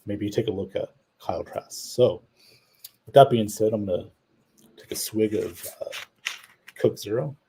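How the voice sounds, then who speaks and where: A man's voice: on the low side, normal speed, vocal fry, long pauses, warm tone, a little hiss or hum, rough recording. A man hosting a live show, chatting casually about his team and reading out viewer comments. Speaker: podcast host. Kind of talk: casual live-stream chat.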